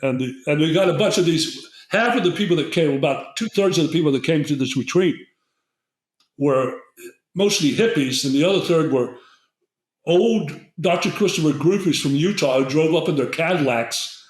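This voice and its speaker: Older guy rambling through a story, kinda high voice, echoey room. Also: moderate pace. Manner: rambling, digressive storyteller who acts out quotes. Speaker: guest herbalist. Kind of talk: storytelling in a casual interview.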